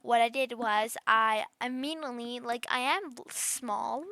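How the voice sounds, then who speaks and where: A woman's voice: on the high side, measured pace, sharp tone, dry recording. A woman voicing a rude, bratty girl under ten who rambles smugly through her story with constant fillers. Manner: smug, gleeful. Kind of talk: voice role-play storytime.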